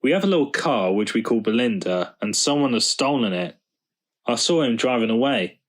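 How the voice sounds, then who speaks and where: A man's voice: medium pitch, expressive, moderate pace, natural voice. A man voicing an anxious father. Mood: worried. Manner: doubtful, polite.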